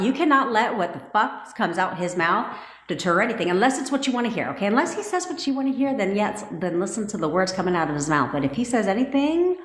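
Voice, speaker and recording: A woman talking casually on a livestream as a manifestation coach, blunt, profane and excitable. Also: medium pitch, roomy sound.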